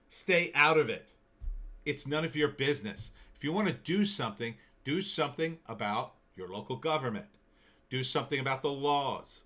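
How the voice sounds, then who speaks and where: Bright-voiced ranting man. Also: medium pitch. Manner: exasperated, sarcastic, shouting bursts. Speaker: commentary vlogger. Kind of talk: ranting opinion commentary.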